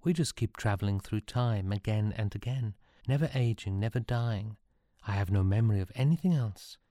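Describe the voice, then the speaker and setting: A man voicing a gentle, ageless young woman who travels through time, speaking softly and earnestly. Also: fairly low pitch, moderate pace, no echo, clean studio sound, lightly acted.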